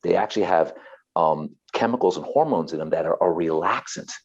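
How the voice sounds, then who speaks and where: A man's voice: low voice, expressive, a little fast, a little mellow, husky, dull audio. A man, a therapist and author, talking earnestly and passionately as an interview guest, often repeating himself.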